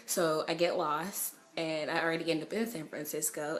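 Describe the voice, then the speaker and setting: A young woman from California telling an excited, chatty storytime vlog, swearing freely and saying "like" a lot. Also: fairly low pitch, fairly quick, hardly any pauses, slight background noise. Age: young adult. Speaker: vlogger.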